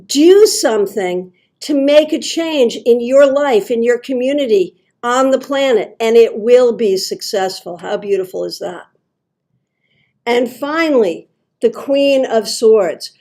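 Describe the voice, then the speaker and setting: A woman's voice: fairly high pitch, expressive, a little slow, dark tone. A middle-aged woman hosting a friendly livestream tarot reading at home, chatty and enthusiastic as she talks to her viewers. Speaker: tarot reader, show host.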